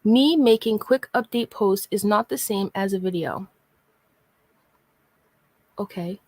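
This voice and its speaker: Speaking slowly in a slightly mellow mid-range voice, a woman vlogger sighs through a sarcastic, exasperated commentary rant and repeatedly names the person she's calling out. The recording is casual in tone and free of echo.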